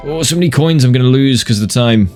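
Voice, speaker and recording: A man's voice: mid-range voice, fast, a little mellow. A man giving casual, profane, joking commentary while playing a video game and talking back to it. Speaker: gamer streamer. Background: game music.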